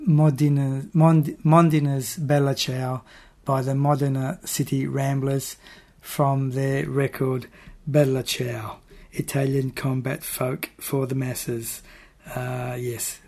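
A man presenting a music radio show in a relaxed, halting way with many fillers. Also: medium pitch.

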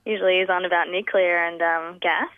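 A woman's voice: on the low side, steady tone, normal speed, no room sound. A woman speaking earnestly as a campaign spokesperson in a phone interview, with fillers and restarts. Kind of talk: phone interview on community radio. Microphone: telephone. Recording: tinny phone line, dry.

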